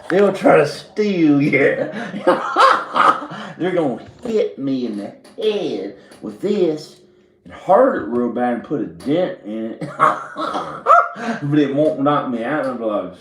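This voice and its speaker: A man's voice: medium pitch, big pitch swings, takes it slowly, fairly bright tone, echoey room, rough recording. A man from Virginia telling a rambling, profane comedic monologue and laughing at his own jokes. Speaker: comedic storyteller. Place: indoor room with drum set and speakers.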